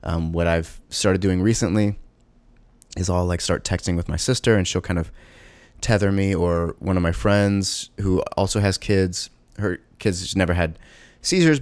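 A man with a low, deep voice speaks haltingly about being a parent, circling back with fillers and restarts. The sound is dry and close, with no room around him. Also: no room sound. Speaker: parent of a young child. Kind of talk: personal monologue.

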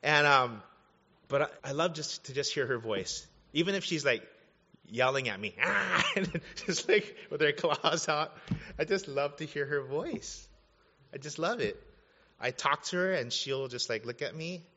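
A man in his thirties, a pastor preaching an animated, conversational sermon with casual asides. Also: medium pitch, normal speed. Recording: dull sound, long hall reverb.

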